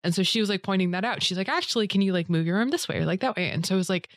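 In a casual chat, a woman rambles through a long story full of fillers, acting out other people's lines in a raised voice. Her fairly low voice is rapid-fire, recorded with clean studio sound and no room sound.

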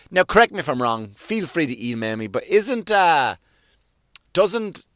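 A man's voice: a little high, a bit bright, dry recording, studio quality. A man with an Irish accent, hosting and ranting in a sweary, sarcastic comic style. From Ireland. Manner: sweary, sarcastic, acts out silly voices. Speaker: podcast host. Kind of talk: profane comedic rant.

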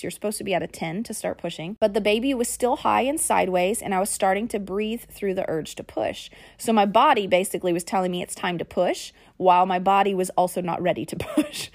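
A woman podcast host, telling a personal story in a lively way and calling her listeners y'all and guys. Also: mid-range voice. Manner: animated, acts out quoted lines.

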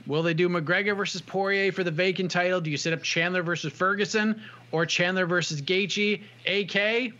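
A man's voice: sits high, fairly even intonation, normal speed, sharp tone, dull audio. A man hosting a casual MMA chat, upbeat and steering the conversation. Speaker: MMA podcast host.

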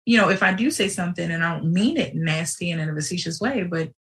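A woman hosting a live show in casual livestream talk, animated and digressive, with sudden outbursts. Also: lowish voice, fast, distant mic, poor audio.

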